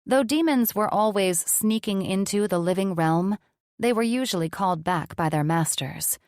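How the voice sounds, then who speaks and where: A woman narrating a fantasy romance audiobook in a measured, even reading. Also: mid-range voice, dry recording, studio quality. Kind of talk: scripted narration.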